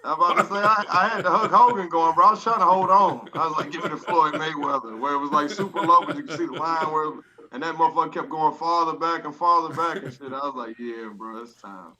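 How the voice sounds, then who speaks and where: A man's voice: on the high side, steady tone, fast talker, sharp tone, low-quality recording. A man co-hosting a casual podcast, telling stories in slangy, swearing speech. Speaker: podcast co-host. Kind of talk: casual chat.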